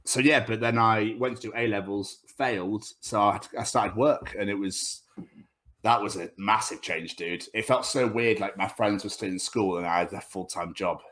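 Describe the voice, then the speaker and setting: A man's voice: lowish voice, normal speed, a bit bright. A man in his thirties with a British accent, telling school stories as a podcast guest, laughing often and swearing freely. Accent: British English. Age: 30s. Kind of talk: casual podcast chat.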